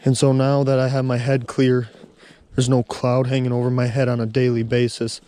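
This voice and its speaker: Mellow-voiced man telling a heartfelt story. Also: mid-range voice, completely flat delivery, moderate pace. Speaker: vlogger. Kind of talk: casual walking vlog. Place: outdoors on a snowy trail walk.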